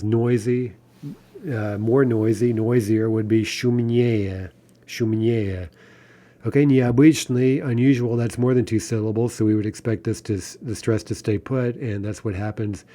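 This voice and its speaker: A man teaching a recorded grammar lesson, explaining step by step, checking in with "right?" and reading example words slowly. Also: lowish voice, dark tone. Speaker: language teacher.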